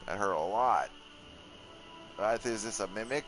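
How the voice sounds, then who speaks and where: Low-voiced swearing gamer. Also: male voice, unhurried, music in the background, poor audio. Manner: profane, joking and self-mocking. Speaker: let's play gamer. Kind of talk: casual gaming commentary.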